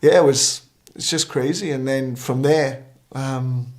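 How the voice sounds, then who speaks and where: A man's voice: mid-range voice, a little slow. A middle-aged man, a minister, telling a story in a talk show interview, full of fillers and restarts. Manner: lively anecdotal storytelling with many fillers. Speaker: guest minister.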